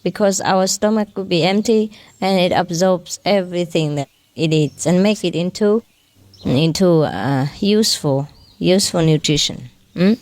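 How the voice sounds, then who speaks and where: With a fairly low, darkish voice at a moderate pace, captured in a dry recording, a woman spiritual teacher delivers a casual lecture. She chats freely, pokes fun at herself and her broken English, and frequently tags a questioning "huh?" onto her phrases.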